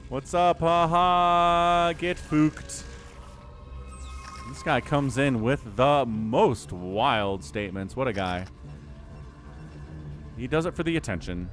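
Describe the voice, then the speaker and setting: Animated male game caster. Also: on the high side. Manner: animated, playful, reads player chat in mock voices. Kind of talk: casual live game commentary.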